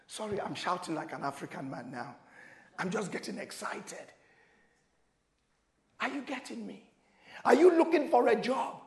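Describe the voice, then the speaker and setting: A man with a high voice delivers a sermon, dropping into quiet, intimate asides before bursting into shouted prayers. He acts out the scripture with dramatic voices. The sound rings with the echo of a church hall. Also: animated, moderate pace, pauses often. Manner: preaching with sudden shouted prayers and dramatic voicing of quotes; switches between loud exclamations and quiet, intimate asides. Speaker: pastor.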